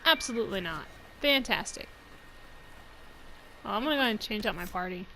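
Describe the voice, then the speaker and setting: A woman's voice: mid-range voice, animated, a little fast, sharp tone, a little hiss or hum, poor audio. A woman hosting a let's-play video, chatting to her viewers as she plays, joking and laughing often. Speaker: gaming channel host.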